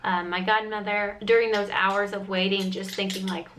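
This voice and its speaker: A woman's voice: medium pitch, steady tone, normal speed, hardly any pauses, a bit bright, poor audio. A young adult woman vlogger telling a personal story in a chatty, earnest way, full of "like" fillers. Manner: earnest, emotional retelling with frequent "like" fillers.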